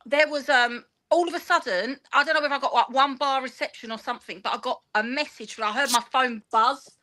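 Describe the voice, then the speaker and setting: Bright-voiced woman telling a story. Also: high-pitched, fairly quick. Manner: animated, rambling, acts out quoted dialogue. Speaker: guest, football fan and teacher. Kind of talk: casual interview storytelling.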